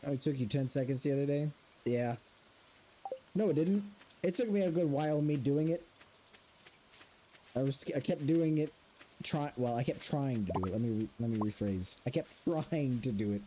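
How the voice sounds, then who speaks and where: A young gaming streamer chats casually with his viewers while playing a farming game, playfully echoing a grunting villager noise. His voice is medium in pitch and mellow, moving at a moderate pace with long pauses.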